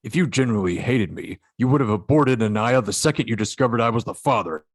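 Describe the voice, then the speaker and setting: A proud alien mother, read plainly by a man, speaks in a low, even voice. The recording is dry and close-miked. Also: quick pace, dry recording. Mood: reproachful.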